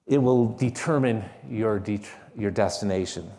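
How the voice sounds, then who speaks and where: A man's voice: lowish voice, measured pace, mellow, big-room sound. A man preaching a sermon, emphatic and repeating key phrases with shifting stress. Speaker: pastor.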